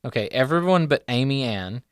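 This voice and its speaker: A man's voice: mid-range voice, lively intonation, fairly quick, clean tone, dry recording. A man with a mid-range voice narrates a tabletop game as game master, laying out scenes casually with loose fillers. The recording is dry and close. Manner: casual, descriptive, filler-heavy.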